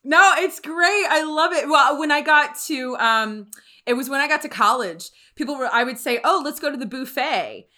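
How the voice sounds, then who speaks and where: A woman from Louisiana hosting a casual chat, animated and full of quick questions and laughs. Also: sits high.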